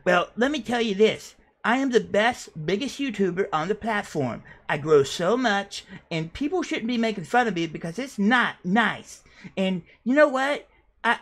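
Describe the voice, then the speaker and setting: A man voicing a boastful young male streamer who whines and sobs in a high, cracking voice. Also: fairly bright tone.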